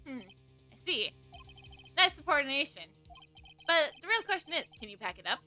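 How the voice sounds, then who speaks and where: Formal elderly judge for a game, measured and bright — woman voicing. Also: high-pitched, very animated, faint music behind, full character voice.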